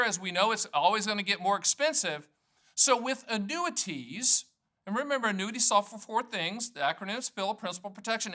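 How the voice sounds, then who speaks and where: A man's voice: high-pitched, pushed and bright. A man in his sixties from North Carolina, an annuity agent talking to camera in a folksy, joking sales patter. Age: 60s. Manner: folksy, jokey salesman patter with self-promotion. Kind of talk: direct-to-camera explainer.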